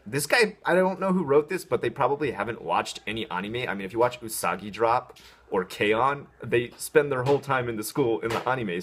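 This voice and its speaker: This is a vlog host from the US tearing into an article with sarcastic ridicule, speaking in bursts with lots of ums, fillers and restarts. His lowish voice is slightly rough yet fairly bright in tone.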